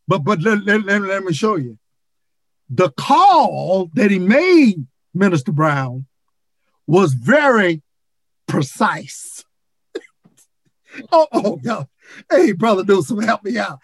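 Older preacher, seventy, video-call sermon, slow deliberate delivery, dry close sound, repeats phrases, rises to shouts. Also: medium pitch, sing-song, breathy edge, no echo. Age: 70s.

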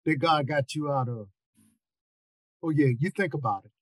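An older man preaching a sermon over a video call, repeating words and rising into near-shouts. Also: a little high, moderate pace, dry recording, low-quality recording.

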